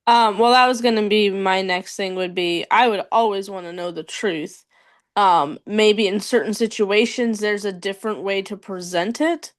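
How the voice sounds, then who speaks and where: A woman takes part in a podcast discussion at an ordinary mid pitch. She speaks in a measured, hesitant way. Frequent ums come in as she works out how to put her point. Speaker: podcast guest.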